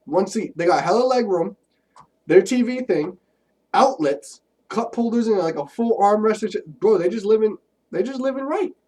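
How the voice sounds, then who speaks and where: A man's voice: sits high, expressive, normal speed, a little mellow. A young man co-hosting a casual podcast, telling stories with lots of laughter. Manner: laughs often while storytelling, quotes people in voices. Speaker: podcast co-host. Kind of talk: casual chat. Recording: distant from the mic.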